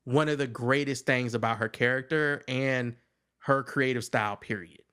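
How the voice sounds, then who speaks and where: A man co-hosting a podcast in casual chat, animated and joking. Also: medium pitch, smooth. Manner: animated, joking, quick to laugh. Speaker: podcast co-host.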